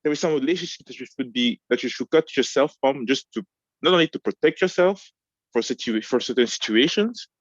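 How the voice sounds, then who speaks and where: A man co-hosting a casual discussion, talking haltingly, often restarting and searching for words. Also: medium pitch, expressive, dry recording, muffled recording.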